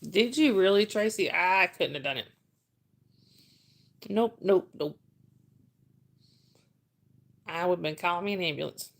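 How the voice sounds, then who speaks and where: Middle-aged woman chatting on her stream, kinda croaky fry in her voice, rambles on and calls out chat names. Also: on the low side, animated, normal speed. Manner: rambling storyteller who reads chat names aloud. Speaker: livestream host reading chat. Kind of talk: casual livestream chat.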